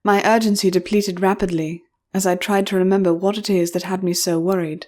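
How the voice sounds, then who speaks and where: Woman reading an audiobook, mid-pitch, calm expressive storytelling. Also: brisk. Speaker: audiobook narrator. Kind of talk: first-person audiobook narration.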